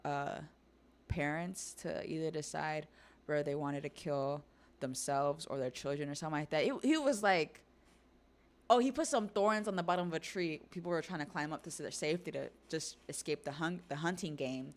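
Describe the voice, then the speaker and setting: A woman's voice: sits low, normal speed. Chatty, profane woman recapping episodes. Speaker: stream host. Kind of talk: casual episode recap and discussion.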